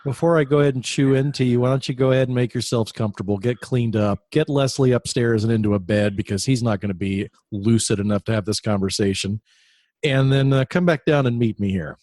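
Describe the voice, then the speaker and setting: A man playing a tabletop role-playing game, making dry, quick-witted remarks and giving his character's lines. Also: medium pitch, a little mellow, dry recording. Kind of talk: casual in-character play.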